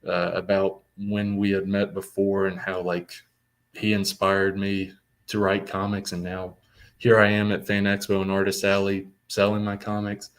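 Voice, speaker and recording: A young man, a comics writer and guest, telling a story with excitement and lots of filler words. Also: sits low, normal speed. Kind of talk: casual storytelling.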